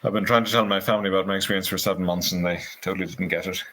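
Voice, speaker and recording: A man telling a personal story in a casual conversation, earnest and animated, slipping into quoted voices now and then. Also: low-pitched, rapid-fire, rough recording.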